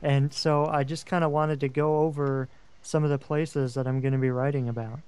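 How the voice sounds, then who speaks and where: A man's voice: fairly high pitch, level tone, normal speed, a little mellow, clean tone, faint music behind. A man on a radio talk show, chatting casually about places he will write about, with lots of fillers. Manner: chatty, rambling with many fillers. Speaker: regular guest, paranormal writer.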